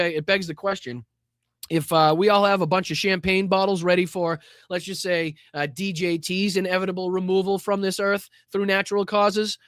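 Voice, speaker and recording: A man's voice: sits high, a bit bright, no echo, studio quality. A middle-aged man with a Boston accent hosting a casual live stream, swearing freely, thanking viewers by name and stumbling through fillers and restarts. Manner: blunt and profane, thanks chatters by name, many fillers and restarts. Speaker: live-stream host reading viewer donations.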